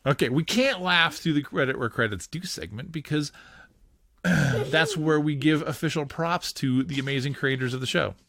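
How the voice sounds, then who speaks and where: A man hosting a podcast, giving excitable, giggly play-by-play commentary on a cartoon as he watches it. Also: on the high side, normal speed, creaky, dry recording. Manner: giggly, excitable narration of on-screen action. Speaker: podcast host.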